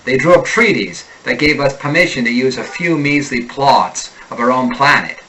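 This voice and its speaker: A man's voice: medium pitch, expressive, normal speed, pushed and bright, a little hiss or hum, poor audio. A man reading as a weary, bitter male Martian who resents Earthlings, in a brooding, defiant monologue. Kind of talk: reading a sci-fi passage aloud.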